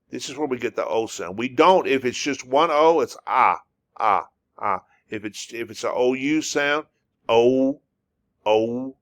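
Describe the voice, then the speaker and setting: A man teaching a language lesson, patiently repeating words and sounds over and over. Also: mid-range voice. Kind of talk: slow, repetitive language lesson.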